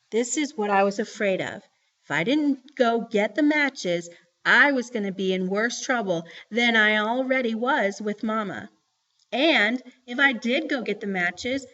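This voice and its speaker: A woman reading a novel aloud in an expressive, steady storytelling voice. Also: mid-range voice, a little slow. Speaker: reader. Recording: slightly dull lo-fi recording.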